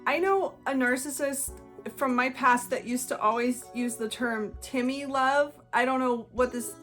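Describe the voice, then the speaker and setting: A woman's voice: high voice, a little slow, a bit bright, faint music behind. A woman talking earnestly and conversationally to her viewers, explaining things in a solo video. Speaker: channel host. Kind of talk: explanatory solo talk to camera.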